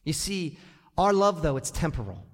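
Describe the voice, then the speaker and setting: A male pastor preaching an animated sermon to his congregation, often acting out the people in his stories. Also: on the high side, moderate pace. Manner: animated, acts out quoted voices, addresses the congregation directly. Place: church sanctuary. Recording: long church reverb.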